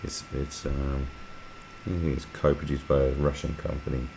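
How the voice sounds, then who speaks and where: A man's voice: very deep voice, level tone, normal speed, gravelly, a little mellow, slight background noise. A man hosting a live stream, talking in a rambling, sweary way and often slipping into mocking impressions. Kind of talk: casual rambling commentary.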